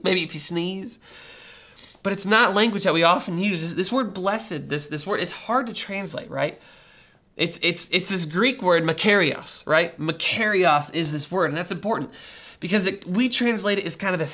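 A man preaching a sermon in an animated, conversational way, acting out quoted reactions. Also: high-pitched, moderate pace. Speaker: pastor.

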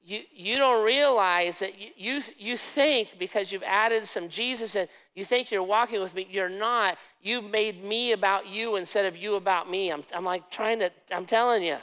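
A preacher voicing Jesus, urgent and pleading. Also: male voice, sits high, moderate pace, few pauses, sharp tone, clear, resonant tone, in a large hall, pitched above the performer's own voice. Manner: urgent, pleading, raised and earnest.

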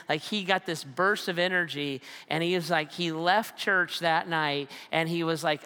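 A man preaching a sermon as a pastor, animated and acting out the voices he quotes. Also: on the high side, normal speed, hardly any pauses, clean tone. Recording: long hall reverb.

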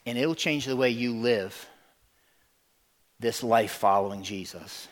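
A pastor preaches a sermon to his congregation at an ordinary middle pitch and a slow pace. He's animated and direct, repeating words for emphasis and acting out his stories, voicing the quotes.

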